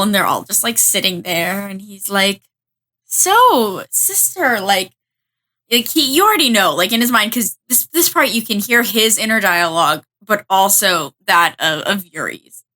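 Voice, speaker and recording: A woman's voice: medium pitch, moderate pace, pushed and bright. A woman co-hosting an anime podcast, eagerly recapping episodes in casual chat, often laughing. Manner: enthusiastic, laughs often, acts out characters' lines. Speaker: podcast co-host.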